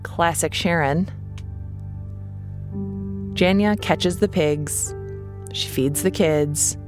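Low-voiced woman narrating a podcast. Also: extremely slow. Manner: blunt, wry narration. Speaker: podcast host. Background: music.

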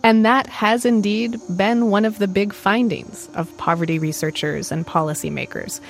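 A woman reporter narrating a scripted radio news feature in a measured storytelling way. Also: mid-range voice, gravelly, soft background music.

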